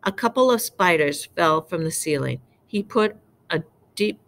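A woman's voice: fairly low pitch, creaky, a little hiss or hum. A woman reading a novel aloud, unpolished and stumbling now and then over words. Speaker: reader.

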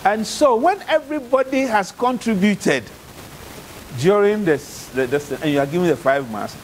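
A man's voice: sits high, expressive, normal speed, a little hiss or hum, low-quality recording. A man with a Ghanaian accent giving a university classroom lecture, often repeating points and checking understanding with "okay?" as he calls on students.

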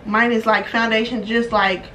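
A chatty young woman runs through a beauty haul, excitable and loose with the slang and swearing. Her voice sits somewhat high. She is recorded from a distance, with a steady hum of background noise. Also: moderate pace. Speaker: beauty vlogger. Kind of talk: casual unboxing chat.

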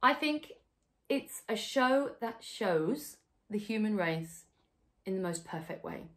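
A woman's voice: medium pitch, lively intonation, slow, a bit bright. A woman in the cast of a musical, speaking heartfelt words from home. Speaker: musical theatre cast member. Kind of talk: remote interview answer. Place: home during lockdown.

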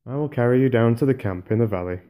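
A man's voice: medium pitch, quick pace, mellow, close to an everyday voice. Man playing an earnest searching soldier. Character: grave, sure-footed man, a searching soldier.

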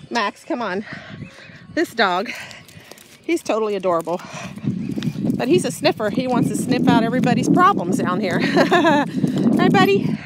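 A woman's voice: a little high, expressive, normal speed, long pauses. A woman vlogging casually as she walks her dog outdoors, slightly out of breath, rambling and laughing often. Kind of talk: casual vlog chat while walking. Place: outdoors by a bay, windy. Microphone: handheld device held while walking. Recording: loud wind and outdoor noise. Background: wind, birds, dog.

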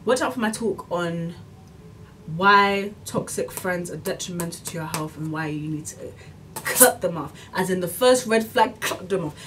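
A woman's voice: lowish voice, normal speed, a bit bright, recorded from a distance, a little hiss or hum. Rambling young woman vlogger. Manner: rambling, repeats itself, many fillers like "like" and "as in"; earnest, preachy encouragement. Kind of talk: casual rant to camera.

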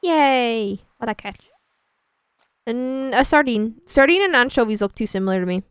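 A woman's voice: fairly high pitch, expressive, normal speed, clean tone, no room sound. A woman streaming a farming game, chatting casually and self-mockingly with her viewers. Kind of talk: casual gameplay commentary.

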